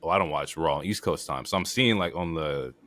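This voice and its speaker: A man's voice: extremely low pitch, fairly quick. A man co-hosting a casual wrestling podcast, giving blunt, profanity-laced opinions with lots of "like" and "um". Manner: profane, animated opinions with frequent fillers. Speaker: podcast co-host. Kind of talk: casual wrestling recap chat.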